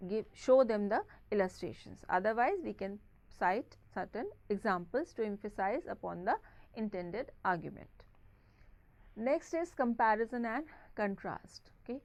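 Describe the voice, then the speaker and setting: A woman with an Indian English accent giving a recorded lecture, explaining step by step and filling pauses with "okay" and "uh". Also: medium pitch, no room sound. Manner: explanatory, frequent "okay" and "uh" fillers.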